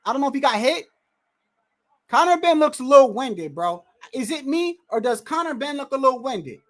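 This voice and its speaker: At a moderate pace, an excitable, high-pitched livestream host does casual fight watch-along commentary, erupting into loud outbursts. There's plenty of slang and cursing, along with rambling restarts and repeated words. The setting is indoors at home, and wind and street sounds drift in from outside.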